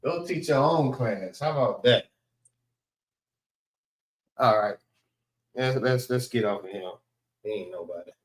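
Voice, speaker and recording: A man teaching a class, slowly sounding out letters and checking in with the group as he goes. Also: medium pitch, lively intonation, distant mic. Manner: slow and deliberate, sounding out letters, frequent "all right" checks. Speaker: class instructor. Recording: roomy echo.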